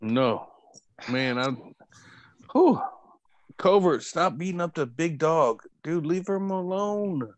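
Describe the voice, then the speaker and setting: A man's voice: a little high, expressive, slow, pauses often, dry recording. A slightly tipsy man chatting casually, rambling and restarting his sentences. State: a little tipsy. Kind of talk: casual chat.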